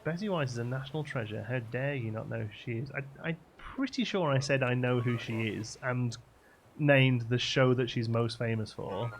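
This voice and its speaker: A young man talks through a live game stream in a loose, rambling way, answering viewers' messages as they come in. His voice has a gravelly, creaky edge, and soft game music plays behind him. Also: mid-range voice. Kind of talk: casual live-stream chat. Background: faint game music.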